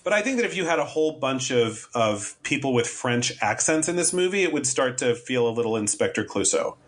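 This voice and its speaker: A man's voice: mid-range voice, lively intonation, fairly quick, fairly bright tone. Chatty man musing about a film. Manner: chatty, musing aloud with quoted asides. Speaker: podcast co-host. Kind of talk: casual film review chat.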